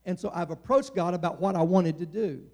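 Gravelly, high-pitched male preacher. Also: a little fast, a little mellow. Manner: conversational, frequent restarts and stammers. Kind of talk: sermon.

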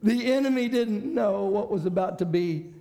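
A man preaching a sermon, swinging between shouted climaxes and hushed passages. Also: high voice, moderate pace, vocal fry.

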